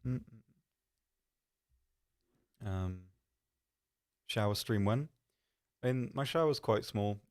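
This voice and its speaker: A man's voice: fairly low pitch, expressive, takes it slowly, pauses often. A man hosting a live stream, chatting casually in a rambling, self-deprecating way with lots of ums. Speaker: stream host.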